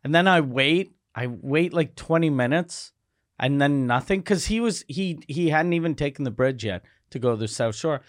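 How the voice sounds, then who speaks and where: A man's voice: fairly high pitch, moderate pace, dry recording, clean studio sound. A man telling an annoyed story in a casual podcast chat, swearing and restarting his sentences. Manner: animated storytelling with profanity and restarts. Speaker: podcast co-host.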